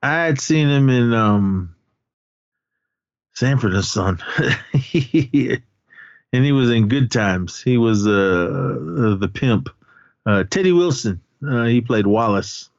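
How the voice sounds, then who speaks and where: A man's voice: mid-range voice, lively intonation, takes it slowly, long pauses, dry recording, muffled recording. Rambling man recapping a movie. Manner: rambling retelling with acted-out quotes and filler words. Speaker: podcast co-host. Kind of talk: casual movie recap chat.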